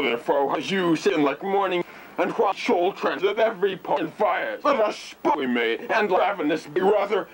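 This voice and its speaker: A man's voice: high voice, low-quality recording. An actor playing an earnest man who recites verse in a lilting, declamatory way. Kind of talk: dramatic poetry recitation.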